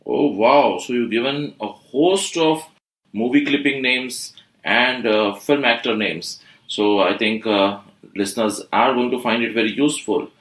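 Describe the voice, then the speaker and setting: A man's voice: medium pitch, unhurried, a bit bright, echoey room, rough recording. A man co-hosting a podcast, asking questions in a hesitant way with many fillers. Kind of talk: conversational podcast interview.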